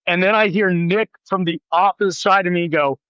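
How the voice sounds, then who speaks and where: A man with a notably high voice spins an animated story as a podcast guest, peppering it with "like" and "dude." The audio is close and dry, though slightly dull in tone. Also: a little fast, clear, resonant tone, no room sound. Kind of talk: casual storytelling.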